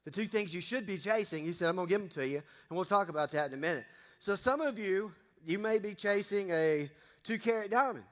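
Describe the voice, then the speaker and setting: A man's voice: high voice, lively intonation, a little fast, a bit bright. A middle-aged man, giving a casual sermon, folksy and joking with the congregation. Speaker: pastor. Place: church sanctuary. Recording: long reverb of a church hall.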